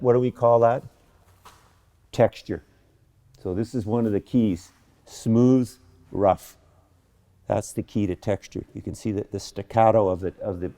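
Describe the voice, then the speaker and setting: A man's voice: fairly low pitch, dark tone. A middle-aged man teaching painting in his studio, chatty and enthusiastic, often restarting and repeating words as he works. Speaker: painting instructor. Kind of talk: painting demonstration. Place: art studio.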